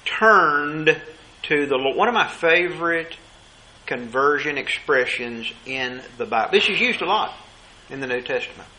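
A man preaching a sermon, asking rhetorical questions and slowing down to stress key words. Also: on the high side, expressive, bright, forceful tone, rough recording.

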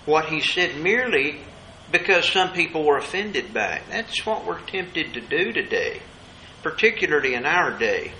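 A man's voice: a little high, big pitch swings, normal speed, sharp tone, slight background noise, low-quality recording. A man preaching a Bible study sermon, emphatic and repeating his key phrases for weight.

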